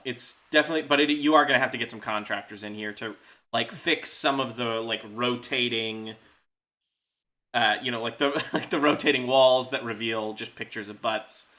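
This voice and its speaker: Bright-voiced man running a tabletop game. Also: medium pitch. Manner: chatty, laughs often, loose fillers. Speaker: game master.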